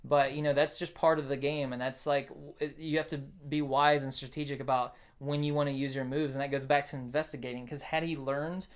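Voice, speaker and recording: A man's voice: medium pitch, flat delivery, fairly quick, hardly any pauses. A man in casual chat, animatedly telling a story about a tabletop game and promoting it. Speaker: game creator promoting his game.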